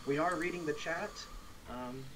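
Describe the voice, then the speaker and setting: A man acting as game master on a relaxed livestream, chatting casually, thinking aloud and reading out chat messages. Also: on the high side, moderate pace, a little hiss or hum, rough recording.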